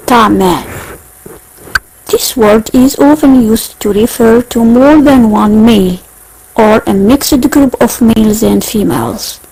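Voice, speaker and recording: Slow, gravelly-voiced woman teaching. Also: on the high side, a little mellow, low-quality recording. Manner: slow, repetitive, careful enunciation. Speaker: language teacher. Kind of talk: beginner language lesson.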